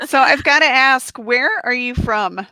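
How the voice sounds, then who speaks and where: A woman's voice: high voice, measured pace, sharp tone, clear, resonant tone, dry recording. A woman co-hosting a podcast, chatting casually and reacting with enthusiasm. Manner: enthusiastic, reacts with laughs and quoted exclamations. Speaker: podcast co-host. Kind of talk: casual interview chat.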